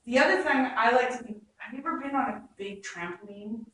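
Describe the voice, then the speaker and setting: A woman's voice: a little high, lively intonation, fairly quick, sharp tone, a little hiss or hum. Woman teaching verse in an echoey room. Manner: explains with demonstrations and quoted verse, chatty. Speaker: acting workshop teacher. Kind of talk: teaching a Shakespeare workshop. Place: rehearsal room. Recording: echoey room, far from the mic.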